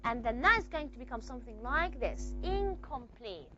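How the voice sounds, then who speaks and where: A woman teaching a phonetics lesson in class, asking questions and answering them herself, and stretching key words slowly. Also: fairly high pitch, animated, sharp tone. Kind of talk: classroom lecture. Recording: dull lo-fi recording.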